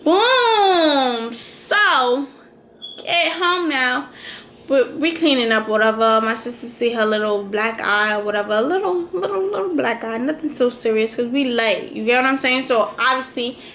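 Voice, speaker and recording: A young adult woman vlogger, telling a storytime with animated, slangy quotes. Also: on the high side, normal speed, echoey room, a little hiss or hum. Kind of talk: storytime vlog.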